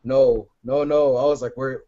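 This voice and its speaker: A man's voice: mid-range voice, fairly even intonation, a little slow, dark tone. A man telling a long rambling story on a podcast, swearing a lot and padding it with "like" and "right?". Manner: rambling, profane, lots of "like" and "right?". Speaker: podcast co-host. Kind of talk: casual storytelling. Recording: dull lo-fi sound.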